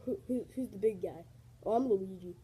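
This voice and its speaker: A woman voicing a tiny male stand-in hero in a toy play skit, talking low, quiet and hesitant. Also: normal speed, slightly rough. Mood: sheepish. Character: tiny man, Luigi's stand-in, mumbling.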